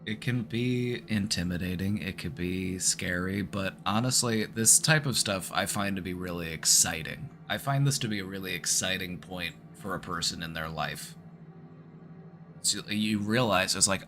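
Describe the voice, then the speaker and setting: A man giving calm, reassuring, casual advice as the host of a live online therapy stream. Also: low voice, normal speed, music in the background.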